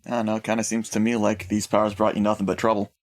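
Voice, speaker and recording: A man's voice: fairly low pitch, little pitch movement, very fast. A man playing a character in a tabletop game, talking in a brash, confident way. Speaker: player. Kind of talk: tabletop role-play, in character.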